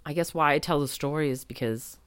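In a casual storytelling monologue, a woman hosting her podcast chats reflectively, with a spiritual bent and lots of "like" fillers. Her voice is deep and a bit bright, and she talks fairly quickly. The recording is dry.

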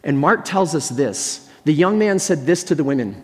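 A man's voice: fairly high pitch, lively intonation, normal speed, hardly any pauses. A man preaching a sermon as pastor, telling a story earnestly and imagining what people thought and said. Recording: long reverb of a large hall.

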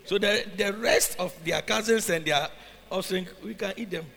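High, gravelly male preacher in a hall. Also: moderate pace, fairly bright tone. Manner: reads scripture aloud then explains it, with questions to the congregation. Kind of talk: sermon.

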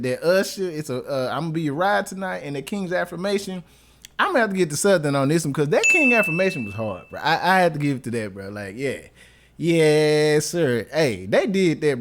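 A man reviewing a marching band battle in casual, slangy reaction commentary, exclaiming often. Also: high-pitched. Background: faint band music.

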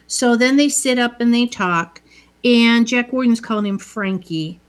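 A woman's voice: a little high, steady tone, unhurried. A woman casually retelling a movie's scenes, quoting the characters as she goes. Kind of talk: casual movie recap chat.

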